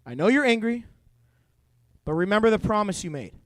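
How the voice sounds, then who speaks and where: A man's voice: sits high, sing-song, brisk, a bit bright, no room sound. A man doing Moses, casual and pleading. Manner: casual modern phrasing, pleading. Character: man pleading with God, urgent, bargaining.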